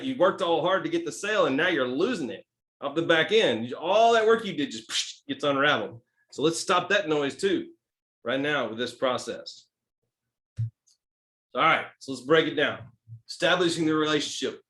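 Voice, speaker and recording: A man with a Texan accent giving a sales training talk, emphatic and checking in with "right?" and "okay?", swinging between loud stresses and soft asides. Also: medium pitch. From Texas. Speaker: sales coach.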